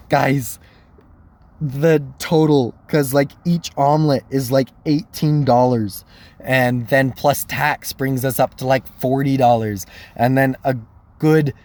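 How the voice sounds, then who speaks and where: A man's voice: mid-range voice, darkish tone. A young man, a college student, casually rambling through a dating story, full of "like", self-corrections and easy laughs. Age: young adult.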